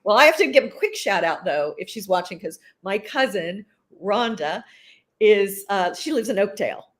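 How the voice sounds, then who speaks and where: A chatty woman telling lively stories in a relaxed interview, her voice pitched right in the middle of the usual range. She talks like an actress reminiscing, quick to laugh between anecdotes. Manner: chatty, animated storyteller who laughs often. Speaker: actress guest. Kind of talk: casual interview chat.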